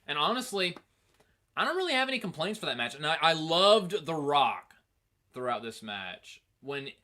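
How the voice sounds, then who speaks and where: Animated male host, bright and fairly high, casual profane rambling. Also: normal speed. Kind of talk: casual review commentary.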